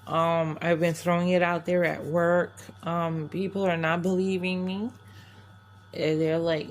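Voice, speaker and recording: Chatty older woman, lowish voice. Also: fairly even intonation, normal speed, slight background noise. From New York. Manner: rambling, candid, often restarting sentences. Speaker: crafting vlogger. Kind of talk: casual chat to camera.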